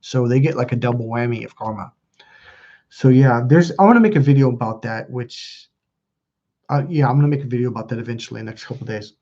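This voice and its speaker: A man's voice: medium pitch, fast talker, mellow. Swearing emphatic man, dull lo-fi sound. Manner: swears freely, restarts sentences, emphatic. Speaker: self-help channel host. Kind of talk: casual livestream talk.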